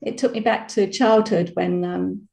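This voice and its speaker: A woman calmly telling a personal story on a video call, reflective and full of fillers. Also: fairly low pitch, unhurried, gravelly. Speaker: program participant sharing a story. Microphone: video call microphone. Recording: roomy echoey video call audio.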